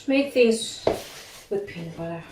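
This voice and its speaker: A young woman talks her way through a bake at home, rambling and slightly out of breath, with self-deprecating asides. Her voice sits at an ordinary pitch but comes from a few steps away from the mic and echoes off the kitchen walls. Pots and dishes clatter clearly behind her. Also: expressive, measured pace, far from the mic, very noisy. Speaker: cooking vlogger. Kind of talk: casual chat while baking.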